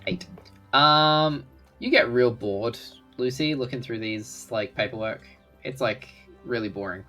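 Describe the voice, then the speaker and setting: An Australian man narrating as game master in a relaxed way, with many ums and uhs. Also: mid-range voice, measured pace, faint music behind.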